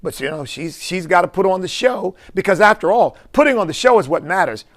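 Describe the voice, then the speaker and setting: High-pitched bishop preaching his commentary, gravelly edge, fired up and asking the crowd questions. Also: animated, a little fast. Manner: impassioned, rhetorical questions, mocking mimicry.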